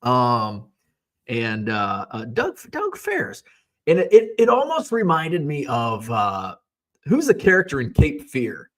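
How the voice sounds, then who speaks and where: Chatty man with a lively voice. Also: mid-range voice, measured pace. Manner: rambling, conversational, swears casually, retells scenes in quoted voices. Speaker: hobby vlogger. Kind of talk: casual storytelling.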